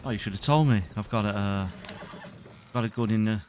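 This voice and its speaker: A man's voice: fairly low pitch, fairly quick, a little mellow, a little hiss or hum. A man streaming a roleplay game live, swearing freely and laughing often between lines.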